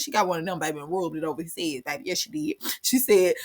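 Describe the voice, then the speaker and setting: A woman's voice: on the low side, fast talker, few pauses. A woman reading a legend aloud and breaking off into slangy, joking commentary. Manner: slangy, animated asides, keeps saying baby. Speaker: channel host.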